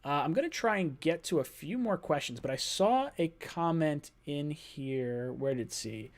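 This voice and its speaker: Chatty male sports podcast host. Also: fairly high pitch. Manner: chatty, quick bursts of speech; lively and playful with chat. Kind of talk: live-stream sports chat.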